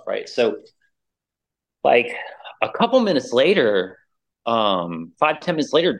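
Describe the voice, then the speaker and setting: A middle-aged man telling a band story in casual chat, animated and acting out the voices of the people in it. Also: lowish voice. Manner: animated storyteller, acts out quoted voices, says "like" and "dude" a lot. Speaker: interview guest, musician.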